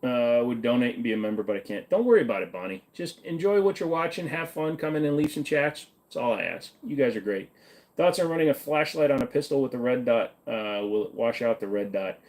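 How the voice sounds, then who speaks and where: A man's voice: medium pitch, lively intonation, fairly quick, a little mellow. A man hosting a livestream, reading viewer questions aloud and answering them offhand in casual, jokey chat with the odd swear.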